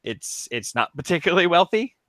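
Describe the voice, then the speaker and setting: Connecticut man, hesitant explainer, bright tone, dry close sound. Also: on the high side, sing-song, brisk, dry recording. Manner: hesitant, many ums, explaining. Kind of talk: casual live-stream chat.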